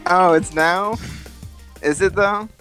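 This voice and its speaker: A man with a somewhat high voice trading deadpan jokes on a podcast. He speaks plainly and lets the absurd lines land flat. His remarks come out dry and unhurried. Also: faint music behind. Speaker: podcast co-host. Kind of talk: casual chat.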